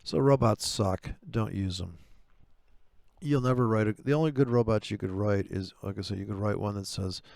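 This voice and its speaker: A fairly low, gravelly male voice recorded close and dry. He rants about trading robots in a sarcastic, exasperated, foul-mouthed way, and his pitch jumps sharply upward when he gets fired up. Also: moderate pace, darkish tone, no echo. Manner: voice jumps far higher when he gets worked up. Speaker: forex trader testing trading robots. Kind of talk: profane ranting commentary over chart playback.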